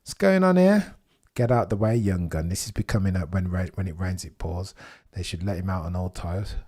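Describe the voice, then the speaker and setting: A young man hosting a live race watchalong, commentating casually and reacting with excitement. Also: sits low, normal speed, breathy edge. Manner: excitable, exclaims and gasps at on-track action.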